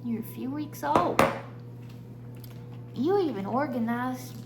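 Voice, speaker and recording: A woman's voice: high-pitched, expressive, takes it slowly, exaggerated voice. A woman doing a fussing, doting old dad. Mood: tender. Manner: fussing, affectionate, sentimental. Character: doting, worried older father, churchgoing. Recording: noisy background.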